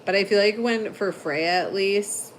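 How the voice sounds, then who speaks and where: A woman hosting a casual livestream, telling long rambling stories full of "like" and quick laughs. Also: mid-range voice, slight background noise. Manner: chatty storyteller, heavy "like" filler, frequent laughter. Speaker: livestream host.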